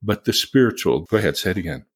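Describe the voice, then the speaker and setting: A man's voice: sits low, expressive, fast talker, husky. A middle-aged man, a podcast co-host, explaining ideas in an earnest teaching manner and sometimes acting out angry outbursts. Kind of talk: conversational teaching talk.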